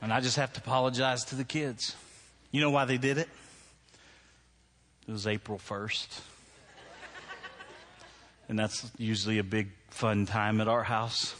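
A man in his forties preaching a sermon in a church, telling stories and acting out his own anger in loud bursts. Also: on the low side, slight background noise. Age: 40s. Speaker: pastor.

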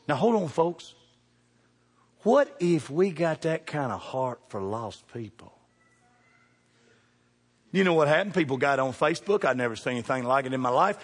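A pastor tells a funny story from the pulpit, his voice pitched high for a man. He drops into quiet asides and then bursts out loud, playing to the congregation. His words ring out with a long reverb through a large church sanctuary. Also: normal speed, pauses often. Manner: animated, jokey, jumps from hushed asides to loud calls. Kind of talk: humorous storytelling sermon.

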